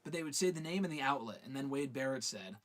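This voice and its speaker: A man's voice: mid-range voice, animated, quick pace, fairly bright tone. A man hosting a live fan-question show in casual, swearing chat, reading viewer questions aloud and answering them.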